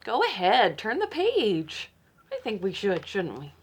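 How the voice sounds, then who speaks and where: A woman librarian reading a picture book aloud to children, playful and teasing, with dramatic gasps and hushed asides. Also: medium pitch, wildly swooping pitch, measured pace, breathy edge.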